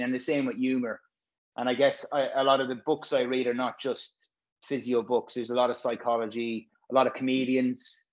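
A man's voice: mid-range voice, muffled recording. A man, a physio course presenter, chatting casually and frankly, rambling and swearing freely. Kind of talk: casual podcast chat.

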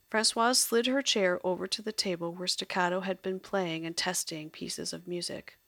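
A woman narrating an audio drama in a measured storytelling way. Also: on the low side, fairly even intonation, gravelly, fairly bright tone, no room sound.

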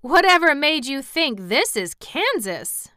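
A woman reading aloud and voicing a grand, gracious male fox king in a storybook, with a courtly, flattering manner. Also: high voice, unhurried, dry recording, clean studio sound, pitched above the performer's own voice, heavily acted. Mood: amused.

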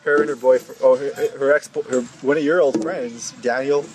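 A man co-hosting a podcast, chatting casually with blunt, quick reactions. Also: mid-range voice, steady tone, noisy background. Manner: blunt, reactive, laughs along. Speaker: podcast co-host. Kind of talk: casual chat.

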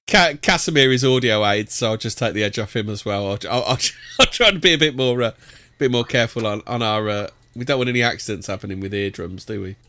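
A man's voice: mid-range voice, quick pace, pushed and bright. A man hosting a casual podcast, reading news stories aloud with crude banter and stammered restarts. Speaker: podcast host. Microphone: desk microphone.

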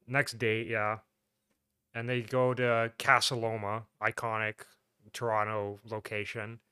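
A man's voice: lowish voice, level tone, measured pace, sharp tone, clean tone, no room sound, clean studio sound. A man co-hosting a podcast, recapping a film in a loose, rambling way with lots of "like" and laughter. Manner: rambling, laughing, full of "like" and restarts. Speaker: podcast co-host. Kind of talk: casual movie recap chat.

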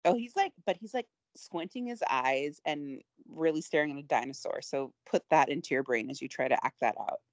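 A woman co-hosting a casual podcast, her voice lower than most and swinging widely in pitch as she rambles and giggles at herself. The sound is dry and close, with no room around it. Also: expressive, brisk, hardly any pauses, no echo. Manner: giggly, rambling, self-deprecating. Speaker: podcast co-host. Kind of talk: casual chat.

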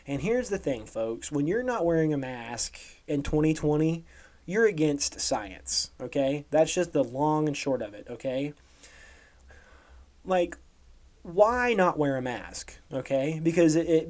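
A man's voice: a little high, animated, measured pace, darkish tone. A man co-hosting a podcast, ranting about current events in a sarcastic, emphatic way and often tagging on "okay?". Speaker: podcast co-host. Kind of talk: opinionated current-events rant.

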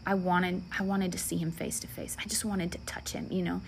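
Woman preacher, low gravelly voice, earnest emotional testimony with whispered moments. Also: level tone, brisk, slight background noise. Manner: earnest, emotional storytelling with soft whispered passages. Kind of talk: testimony sermon.

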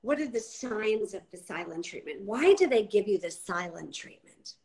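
Woman, podcast host, thoughtful, searching, pauses and fillers. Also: mid-range voice, lively intonation, a little mellow, poor audio. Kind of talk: interview hosting.

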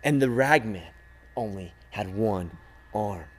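A man telling a parable slowly and expressively, calling out loudly at times and sinking to a hush at others. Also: lowish voice. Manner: slow, expressive telling, swinging from loud calls to hushed near-silence. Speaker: storyteller. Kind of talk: dramatic storytelling.

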